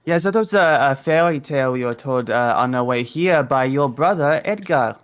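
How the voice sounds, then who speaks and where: A man's voice: mid-range voice, expressive, normal speed, clean tone. Man with dry, sarcastic quips. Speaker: player. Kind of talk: tabletop game banter.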